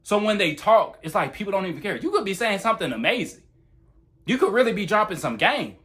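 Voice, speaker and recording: Fast, blunt young man with lively pitch. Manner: blunt, profane, talks fast. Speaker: YouTuber giving dating advice. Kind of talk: casual monologue to camera.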